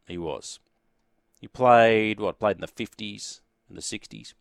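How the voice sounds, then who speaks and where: A man's voice: on the low side, a little slow, gravelly, no echo, studio quality. A man with an Australian accent hosting a sports radio quiz and chatting easily with callers in a jovial way. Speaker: radio host.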